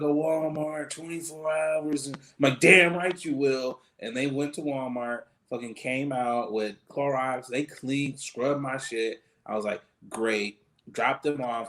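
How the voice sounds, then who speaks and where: A man's voice: mid-range voice, poor audio. A man hosting a late-night podcast in casual chat, joking and acting out quoted lines in his stories. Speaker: podcast host.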